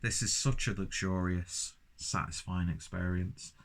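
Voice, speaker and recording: A young man with a London accent talks through a beer review in a casual solo monologue. His voice sits a bit low, and he rambles with enthusiasm, breaking off into jokes at his own expense. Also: a little slow. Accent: London English. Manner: enthusiastic, rambling, self-mocking asides.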